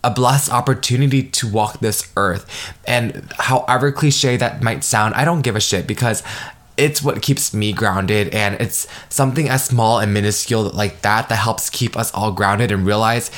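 A man in his twenties hosting a solo podcast, talking in an emotional, effusive way, swearing freely and jumping up in pitch when excited. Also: moderate pace. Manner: animated, jumps higher when excited. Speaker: podcast host. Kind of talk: solo motivational podcast monologue.

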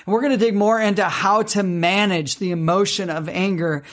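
Earnest high-voiced man co-hosting. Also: fairly even intonation, fairly bright tone. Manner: earnest, reads scripture slowly and deliberately. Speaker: podcast co-host. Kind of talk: faith-based marriage podcast chat.

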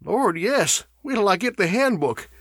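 A man voicing a gruff, bossy older medic who anxiously reads out symptoms. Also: on the high side, sing-song, a little slow, dry recording, clean studio sound, pitched above the performer's own voice, full character voice. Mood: alarmed. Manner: urgent, reading out symptoms.

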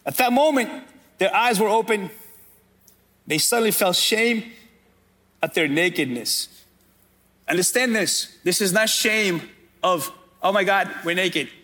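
A man's voice: high-pitched, expressive, unhurried, pauses often, pushed and bright. A man preaching a sermon as pastor, calling out directly to his congregation.

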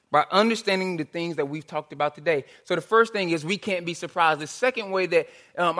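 Male pastor, sermon delivery, high-pitched and bright-toned, earnest and repetitive. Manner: earnest preaching, rhetorical questions and repetition.

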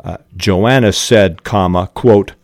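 A man hosting a podcast on fiction writing, explaining techniques deliberately with frequent fillers. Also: sits low, darkish tone, dry recording, studio quality. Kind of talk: explanatory talk and reading aloud.

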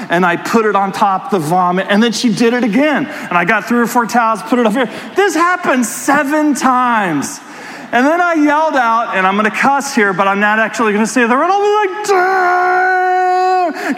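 A pastor delivering a sermon with an animated personal story, talking straight to his congregation. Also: sits high, big-room sound, rough recording.

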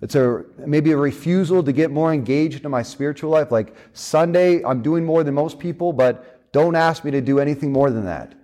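A man's voice: on the high side, moderate pace, hardly any pauses, warm tone. A man preaching a sermon in a conversational way, with casual fillers and restarts.

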